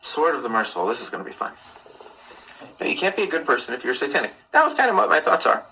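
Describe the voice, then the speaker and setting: A young man hosts a live stream, casually chatting and telling personal stories with candid asides. His voice is a little high and gravelly, sing-song and fast, with a sharp tone. The audio quality is poor.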